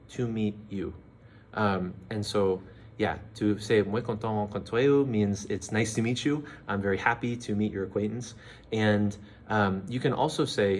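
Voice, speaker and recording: Male teacher, low voice, relaxed and patient, slow repeats, faint room ambience behind. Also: a little hiss or hum. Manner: relaxed, repeats phrases slowly with fillers. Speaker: language teacher. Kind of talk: casual language lesson.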